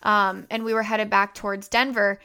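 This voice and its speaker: A woman's voice: mid-range voice, flat delivery, moderate pace, sharp tone, clear, resonant tone. A young woman hosting a podcast, telling a personal story in a conversational way, with frequent fillers and "like". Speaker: podcast host.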